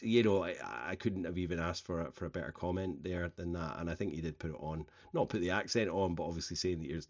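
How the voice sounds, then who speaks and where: Rambling low-voiced podcast host, lo-fi sound. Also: male voice. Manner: rambling, many fillers and restarts. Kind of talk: casual solo intro monologue. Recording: slightly dull lo-fi sound.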